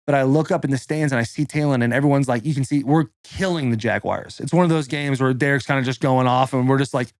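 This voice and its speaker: Talking fast with hardly any pauses, a mid-range-voiced podcast host in his thirties rattles off a personal story, swearing and filling it with "like." The recording is studio quality with no echo.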